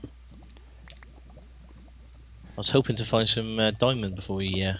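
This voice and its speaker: A man co-playing a let's play, talking casually with frequent laughs and lots of halting fillers. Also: on the low side, fairly even intonation, fairly bright tone, slight background noise. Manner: chatty, laughs often, halting with many fillers. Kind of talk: casual gameplay chat.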